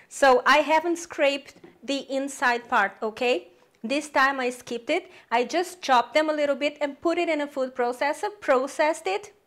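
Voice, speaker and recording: A woman hosting a cooking channel, chatting casually and upbeat as she walks the viewer through a recipe in her kitchen. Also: high voice. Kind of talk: casual cooking demonstration to camera.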